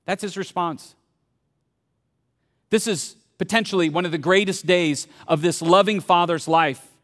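A man preaching a sermon in a conversational way, asking the audience questions and swinging between loud bursts and hushed tones. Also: high voice, unhurried, big-room sound. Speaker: pastor.

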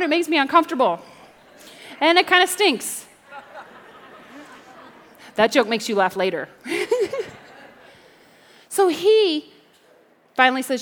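A woman's voice: sits high, very animated, unhurried, long pauses. A woman preacher giving a sermon in a church, telling Bible stories with playful jokes and call-and-response to the audience. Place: church sanctuary. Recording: long reverb of a large church hall.

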